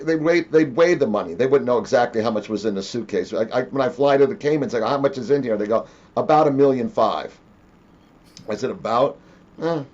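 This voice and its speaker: A man's voice: medium pitch, dull audio. A man hosting an interview, telling stories casually and acting out the dialogue of the people in them. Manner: animated, acts out quoted dialogue. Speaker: interview host.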